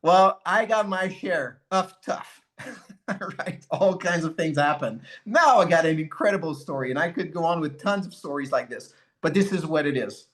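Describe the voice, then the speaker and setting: A man's voice: on the high side, normal speed. A man who leads in network marketing, telling a motivational story and acting out the conversations in it. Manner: animated, acts out conversations.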